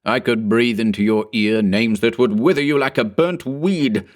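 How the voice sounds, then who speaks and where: A man voicing an ageless male sorcerer who rants scornfully in a high, archaic, cackling voice. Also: normal speed, natural voice. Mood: raving scornful. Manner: ranting, contemptuous.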